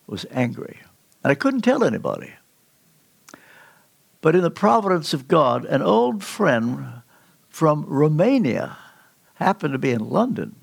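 An older man preaching a sermon in a church, telling a personal story with earnest, slow, emphatic pauses. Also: fairly high pitch, big pitch swings, creaky. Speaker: pastor. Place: church sanctuary.

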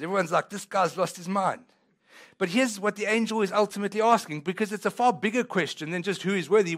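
A man's voice: sits high, a bit bright. A man pastor preaching a sermon in a church, talking conversationally and rising into emphatic swells.

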